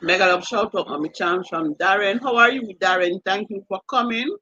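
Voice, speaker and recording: A woman's voice: medium pitch, normal speed, bright, forceful tone, no room sound, muffled recording. A woman with a Jamaican accent hosting a live stream, reading out viewer comments and greeting each viewer by name. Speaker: livestream host.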